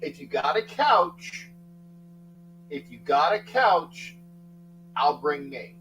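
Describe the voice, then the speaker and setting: A middle-aged man hosting a casual sports talk livestream, rambling, thanking chatters by name and breaking into sudden loud outbursts. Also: a little high, sing-song, slow, lo-fi sound, a little hiss or hum. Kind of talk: casual live chat with viewers.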